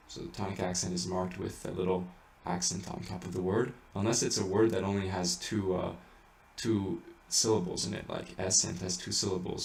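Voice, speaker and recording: A man with a lowish, gravelly voice explains chant rules in a halting, filler-heavy way. He sounds a bit distant from the mic in an echoey room with faint noise behind him. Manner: halting explanations with many fillers and restarts, breaking into sung Latin chant. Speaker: chant teacher. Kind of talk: informal spoken lesson with sung examples.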